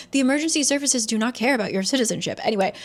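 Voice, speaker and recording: A woman book vlogger giving a casual, animated book recap, laughing and swearing freely. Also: a little high, fast talker.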